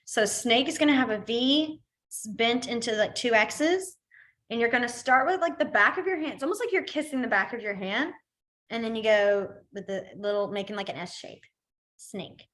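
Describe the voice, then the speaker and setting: A woman's voice: on the high side, a bit bright. A young adult woman teaching a sign language class online, chatty and rambling, with many fillers and easy laughter.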